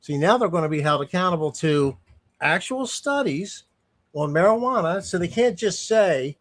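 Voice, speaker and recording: A man's voice: sits high, expressive, moderate pace. A man giving casual, indignant commentary as a streamer, rambling and restarting often.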